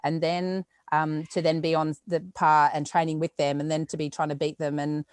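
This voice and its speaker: A woman's voice: low-pitched, smooth, dry recording. An Australian woman, a weightlifter, telling stories in a casual podcast chat, acting out quotes as she goes. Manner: rapid, animated storytelling with acted quotes.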